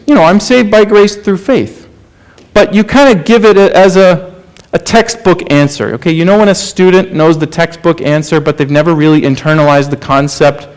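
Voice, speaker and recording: A man preaching a sermon, earnest and questioning, often dropping to a soft, low delivery for emphasis.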